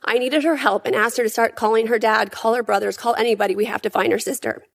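A woman giving prepared testimony at a hearing, in an earnest, emphatic and measured way. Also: fairly high pitch, fairly even intonation, gravelly.

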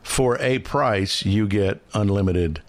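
A man's voice: on the low side, takes it slowly, a little hiss or hum. A man hosting a casual chat, listening and adding dry, wry remarks and short questions. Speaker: show host.

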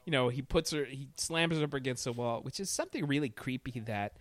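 A man chatting casually about a movie, animated and often laughing, mocking what he saw with quick impressions. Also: mid-range voice, no echo. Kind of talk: casual podcast movie chat.

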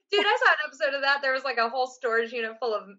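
A woman in casual conversation with a bright, forceful tone and a slightly raised pitch. She tells stories in an animated, joking way. The recording sounds dull and lo-fi. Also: fast. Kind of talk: casual chat.

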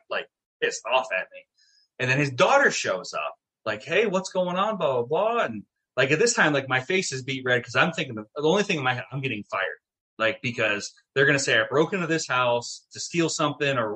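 Casting note: middle-aged man, bright husky voice, lively storyteller who swears freely. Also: mid-range voice. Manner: animated, swearing, acts out quotes. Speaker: guest, town mayor. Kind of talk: casual storytelling.

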